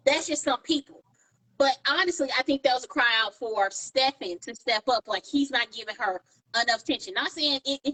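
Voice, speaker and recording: A woman co-hosting a podcast in casual chat, telling animated stories and acting out what people said. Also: sits high, poor audio. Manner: animated storyteller, acts out quoted dialogue. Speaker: podcast co-host.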